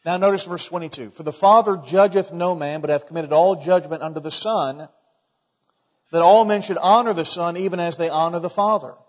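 A man preaching a sermon as a pastor, in a folksy way that climbs to loud, emphatic peaks. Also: a little high, fairly quick. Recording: dull recording with long hall reverb.

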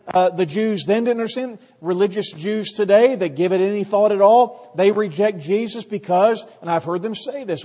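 A man preaches with emphasis, slipping into the voices of the crowd. His voice sits high. It rings with long reverb in a church hall, through a dull, lo-fi recording. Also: darkish tone. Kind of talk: sermon.

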